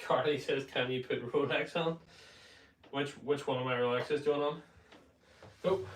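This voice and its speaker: A man's voice: medium pitch, steady tone, moderate pace, a little hiss or hum. A man with a Northern Irish accent, a bit congested, casually chatting on his livestream and reading out viewer comments with plenty of fillers. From Northern Ireland. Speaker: livestream host.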